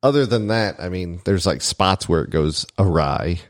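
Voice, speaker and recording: A man's voice: sits low, expressive, moderate pace, no echo, clean studio sound. A man co-hosting a podcast in casual chat, making crude jokes and laughing often, recorded in a home garage. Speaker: podcast co-host.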